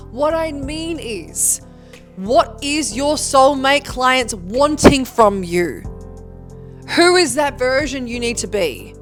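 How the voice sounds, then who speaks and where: A woman's voice: a little high, fairly bright tone. A thirty-year-old woman, a business coach giving a motivational monologue, emphatic and swearing often.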